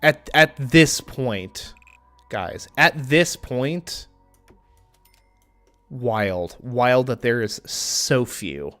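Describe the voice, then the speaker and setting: A man's voice: mid-range voice, animated, extremely slow, long pauses, a bit bright, soft background music. A young man casually commenting on his game during a live stream, thinking aloud with frequent ums and restarts.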